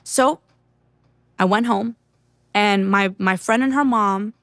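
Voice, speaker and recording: A woman's voice: mid-range voice, slow pace, fairly bright tone, no echo, studio quality. A young woman from the United States telling a personal faith testimony in an earnest, candid way, often saying "like" and "you know". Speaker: speaker sharing a faith testimony.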